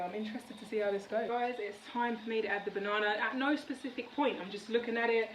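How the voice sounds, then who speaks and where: A woman from the United Kingdom talks her way through a cooking vlog, chatty and rambling with plenty of fillers. Her voice sits at an ordinary middle pitch. It carries the ring of a roomy kitchen, picked up from a distance with faint background sound. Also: steady tone, quick pace, slight background noise. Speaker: vlogger. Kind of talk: casual cooking vlog chat. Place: home kitchen.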